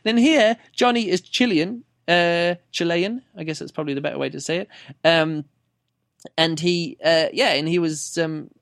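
A man's voice: on the high side, moderate pace, gravelly, fairly bright tone, no echo, clean studio sound. A man hosting a podcast, reviewing a book off the top of his head, rambling, restarting and correcting himself, and laughing at his own stumbles. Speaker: podcast host reviewing books.

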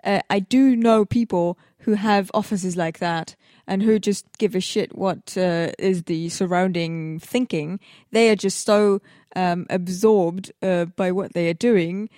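A woman's voice: fairly low pitch, fairly even intonation, warm tone, no echo, studio quality. Hesitant woman with a lilt. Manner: measured, hesitant with many fillers. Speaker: podcast co-host. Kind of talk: casual film discussion.

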